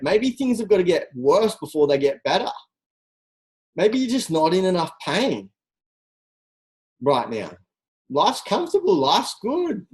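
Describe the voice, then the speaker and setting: A coach speaking to a team on a call. The delivery is energetic and direct, built on rhetorical questions that push listeners to act. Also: mid-range voice, low-quality recording. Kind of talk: motivational talk on a group call.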